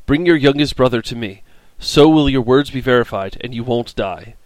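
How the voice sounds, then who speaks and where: A man voicing a stern, commanding governor who puts his brothers to the test. The delivery is formal and weighty, a little louder than plain reading, and the recording is dry and close. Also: medium pitch, moderate pace, no room sound, close to an everyday voice, poor audio. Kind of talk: scripted scripture reading.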